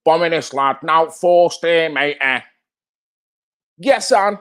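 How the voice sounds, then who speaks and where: Speaking slowly, the man has a fairly high pitch and a slightly bright, clear, resonant tone. He's a livestream host with a Mancunian accent from North Manchester, England, trading banter with his chat and cursing freely.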